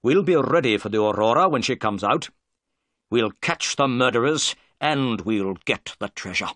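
A man voicing a confident, brisk detective who gives firm orders, read as a story. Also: medium pitch, expressive, a bit bright, no room sound, clean studio sound, natural voice.

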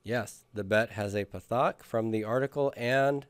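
In a clear, resonant mid-range voice, a little slow and recorded dry, a man teaches Hebrew grammar. He has his students repeat after him as he patiently drills them through a lecture with questions.

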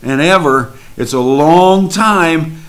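A man preaching a slow, drawn-out sermon, reading scripture aloud and expounding on it. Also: fairly high pitch.

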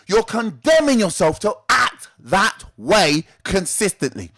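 A man with a high voice that swoops up and down as he teaches. He hosts a weekly trading tip and keeps the talk moving with rhetorical questions that he answers himself. His delivery is lively and animated. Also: measured pace. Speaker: trading educator and show host. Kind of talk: direct-to-camera teaching talk.

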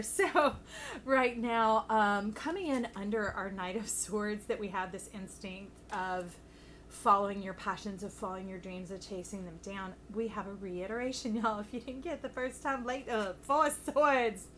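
A woman giving a casual, chatty tarot reading to her viewers, affectionate and quick to laugh. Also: mid-range voice, fairly bright tone, a little hiss or hum. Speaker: tarot reader.

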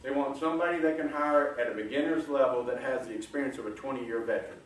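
A middle-aged man giving a folksy, animated motivational talk to a room, coaxing the audience along. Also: medium pitch, fast. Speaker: guest speaker. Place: large lecture room. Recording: echoey room, distant mic, faint hiss.

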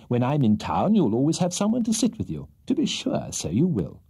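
A man voicing a kindly, flustered elderly gentleman in a storybook reading, with a genial, fussy, exclaiming manner. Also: mid-range voice, wildly swooping pitch, fairly quick, creaky, slightly rough, voice pushed up, heavily acted.

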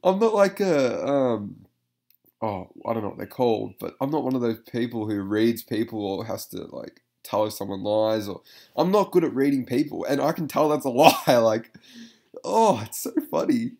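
A man's voice: medium pitch, expressive, moderate pace, gravelly, a little mellow. A man giving casual reaction commentary, rambling with lots of fillers, swearing and frequent laughter.

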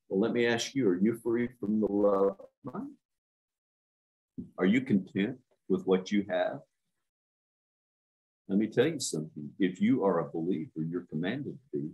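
A man with a low, deep voice preaches a sermon as a minister. He drives his points home by repeating words over and over, and he puts direct questions to his listeners. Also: moderate pace, pauses often, darkish tone, low-quality recording. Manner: emphatic, repeats words for stress.

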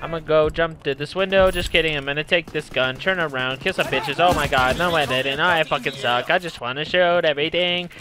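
A young man giving loud, profane, jumpy gameplay commentary, his voice going hoarse from yelling. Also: fairly high pitch, a little fast, few pauses, music in the background. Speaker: gaming streamer.

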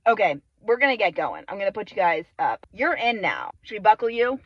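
A woman's voice: medium pitch, sing-song, fairly quick, hardly any pauses, no echo, lo-fi sound. A young woman vlogging from her phone at arm's length, rambling through sweary, self-mocking comic tangents. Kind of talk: rambling comedic vlog monologue. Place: in and around a car. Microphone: phone held at arm's length.

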